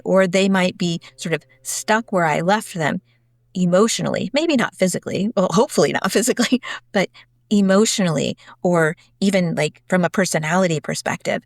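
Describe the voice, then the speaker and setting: A woman in her forties, a podcast guest, telling stories in a chatty, animated way with many "like"s and "sort of"s. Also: on the low side, moderate pace, gravelly, dry recording, studio quality. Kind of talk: conversational storytelling.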